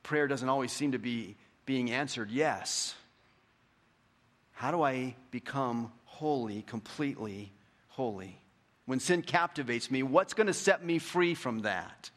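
Here a male pastor at medium pitch preaches, rising to fervent, emphatic peaks. For scripture passages he goes soft and slow.

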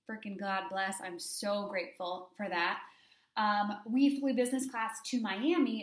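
A woman's voice: mid-range voice, reverberant. A young adult woman hosting her own podcast as a business coach, chatting casually and gushing, with lots of "like" fillers. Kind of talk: casual solo podcast chat.

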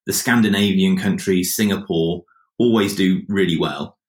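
A man's voice: low voice, moderate pace. A man hosting an interview, reflecting and thinking aloud as he asks questions. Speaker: podcast host. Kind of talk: conversational interview. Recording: roomy echo.

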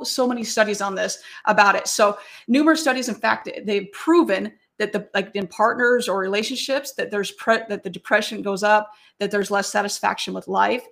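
A woman in her thirties talks straight to her listeners, chatty and loose, telling a personal story with frequent restarts. Her voice sits at a middle pitch with a gravelly, creaky texture. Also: fairly bright tone. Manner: chatty, with many restarts and asides. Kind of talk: casual spoken talk, telling a personal story.

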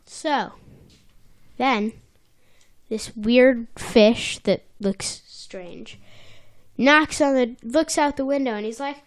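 A woman with a fairly high voice takes her time, leaving long pauses, as she co-hosts a casual podcast from a small office. She recaps an episode and playfully acts out characters in bursts.

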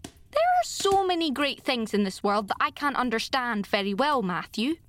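A woman's voice: a little high, big pitch swings, normal speed, fairly bright tone, no room sound. A woman voicing an eager, chatty, fanciful girl. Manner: effusive, talkative, fanciful. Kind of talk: audiobook character reading.

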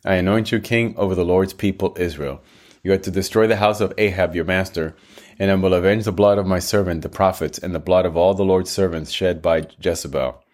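A man's voice: sits low, steady tone, brisk, darkish tone, lightly acted. A man voicing a young male prophet who delivers a grave, declaiming message. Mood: solemn.

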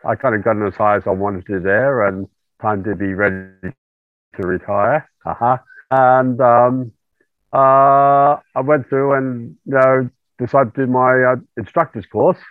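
A middle-aged Australian man speaking as a guest over a remote call, talking in an unhurried way with many fillers. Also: mid-range voice, steady tone, dry recording. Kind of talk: remote interview. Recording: tinny call line, very dry.

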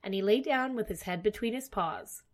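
A woman narrating a fairy tale aloud, expressive and dramatic. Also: mid-range voice, moderate pace. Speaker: storyteller. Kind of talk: storybook narration.

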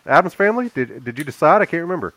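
A man co-hosting a laid-back film podcast who restarts his sentences and fills the gaps with "yeah." His voice is a little higher than most men's, and it is recorded close and dry with no room sound. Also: very animated, rapid-fire, a bit bright, no room sound, poor audio. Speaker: podcast co-host. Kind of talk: casual movie review chat.

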